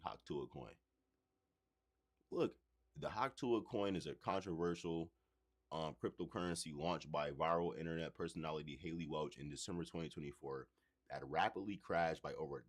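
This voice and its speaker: Man, extremely low voice, casual profane livestream talk, chats straight at viewers. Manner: loose, profane, conversational, addresses chat directly. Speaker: livestream host.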